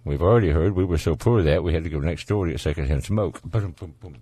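Southern male radio host, very low voice, folksy, dry close sound. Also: fast talker, mellow, breathy edge, dry recording. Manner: folksy, chatty, laughs easily. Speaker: radio call-in show host. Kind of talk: casual call-in radio chat.

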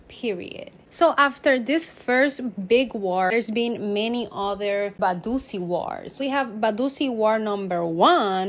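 A woman with a slightly high voice tells a made-up history with mock solemnity. She leans into the drama, with big swings in how loud she gets. Faint noise hums behind her. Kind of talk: mock-serious history storytelling.

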